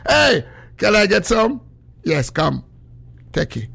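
A man with a Jamaican accent hosting a call-in radio show, swinging between loud preachy shouting and low mumbled asides. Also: sing-song, slow pace, vocal fry, pauses often, husky. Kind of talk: animated call-in radio rant.

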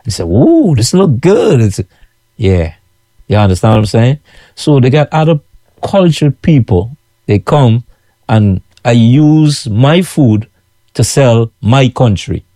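A man's voice: mid-range voice, lively intonation, slow pace, dark tone, no echo, studio quality. A man from Guyana with a Guyanese accent, a food vendor talking casually to his followers, chatty and repetitive, often asking "you know what I'm saying". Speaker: food vendor running his own kitchen business.

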